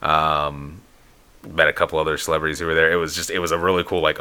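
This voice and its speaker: A man's voice: fast talker, smooth. A man casually telling a long personal story on a podcast, acting out the people he quotes. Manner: animated storyteller, acts out quotes in a high voice.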